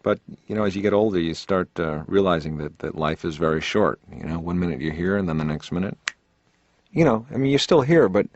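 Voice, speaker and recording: With a very deep voice delivers dry deadpan one-liners as a cartoon patient. The sound is dull and close, with no room echo. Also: male voice, fairly quick. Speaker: comedian as therapy patient. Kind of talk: stand-up routine.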